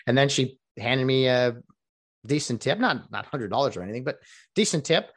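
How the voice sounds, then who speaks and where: Rambling man with a lively voice. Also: normal speed. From California. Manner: rambling, restarts often, lively pitch. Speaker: rideshare driver. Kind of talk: casual vlog monologue.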